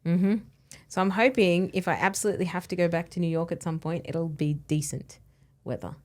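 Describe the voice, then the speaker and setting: An Australian woman chatting casually as a podcast guest, easygoing and quick to laugh. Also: on the low side, fairly even intonation, a little mellow. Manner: easygoing, laughs often, lots of "mm".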